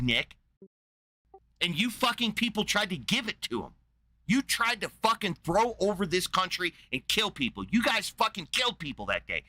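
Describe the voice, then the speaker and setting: Furious, bright-voiced ranting man. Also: fairly high pitch. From United States. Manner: shouting insults, heavy profanity, combative. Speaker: livestream host ranting at a chat viewer. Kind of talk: angry livestream rant.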